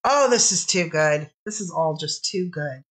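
A woman's voice: deep voice, animated, unhurried, fairly bright tone, slightly rough, rough recording. A woman hosting a live-streamed fabric sale, chatting casually, gushing over the fabrics and apologizing often.

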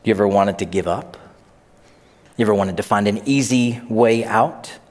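A middle-aged man preaching a sermon as a pastor, telling stories in an animated way and acting out the voices he quotes. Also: fairly low pitch, moderate pace. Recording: long hall reverb.

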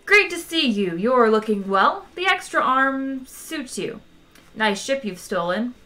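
A woman's voice: mid-range voice, sing-song, unhurried, a bit bright. A woman reading aloud, voicing a cool, worldly alien traveller who drawls and grows exasperated. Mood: drawling.

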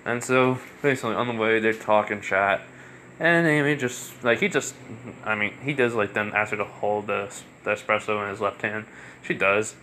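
A man's voice: lowish voice, normal speed, pushed and bright, a little hiss or hum. A young adult man casually telling a fan-fiction story, rambling with many fillers.

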